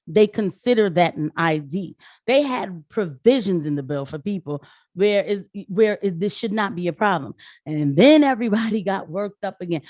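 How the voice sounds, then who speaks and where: A young woman vlogging casual political commentary, animated and sarcastic, talking straight to her viewers. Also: mid-range voice, no room sound, clean studio sound.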